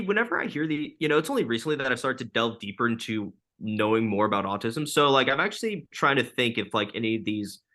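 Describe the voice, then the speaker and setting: A man's voice: medium pitch, bright, forceful tone. A man in his twenties, a podcast guest, chatting casually with lots of likes and ums. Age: 20s. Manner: loose, filler-heavy talk with many likes and ums. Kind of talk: casual interview chat.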